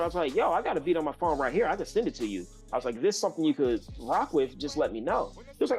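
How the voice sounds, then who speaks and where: A man from California, a guest musician, telling a long story in a loose, animated way with many fillers and restarts. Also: fairly high pitch, very fast, few pauses, faint music behind. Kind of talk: casual storytelling.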